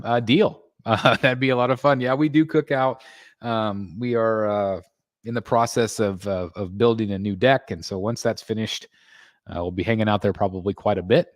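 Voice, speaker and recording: A man hosting a casual collecting live stream from his home, reading viewer comments aloud and thanking members, his voice jumping up when he gets excited. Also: normal speed, dry recording, studio quality. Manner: excitable, jumps in pitch when greeting members. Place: home room.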